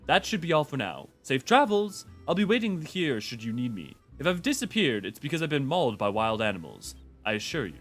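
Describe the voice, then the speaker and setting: A man's voice: mid-range voice, very animated, a little fast, hardly any pauses, faint music behind. A man voicing a pompous, demanding little furry creature on a game stream, reading its lines in a haughty, mock-formal way. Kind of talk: reading game dialogue aloud in character.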